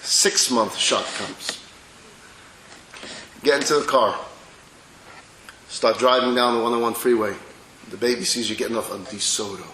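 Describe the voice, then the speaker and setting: Animated male lecturer in an echoey hall. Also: medium pitch, measured pace, pauses often, a little hiss or hum. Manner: animated, dramatic storyteller, drops to soft intimate tones. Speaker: rabbi lecturer. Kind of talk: religious lecture with storytelling.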